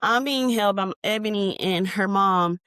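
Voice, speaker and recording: A woman's voice: medium pitch, normal speed, smooth, no echo, studio quality. A woman guest on a podcast, recounting a painful memory in an emotional storytelling manner and acting out what she and others said. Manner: emotional retelling, reenacting her own shouts. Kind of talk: personal storytelling interview.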